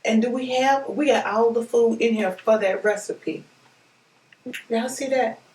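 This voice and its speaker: A woman vlogger, chatting excitedly with viewers as she unboxes a package. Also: a little high, unhurried. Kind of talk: excited casual unboxing chat. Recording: echoey room, voice a bit far from mic.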